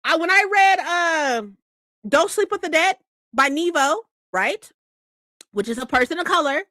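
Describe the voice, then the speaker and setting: Fired-up woman ranting, high and lively. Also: a little slow, no echo. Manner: heated, profane, animated rant. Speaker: book vlogger. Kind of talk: ranting casual vlog.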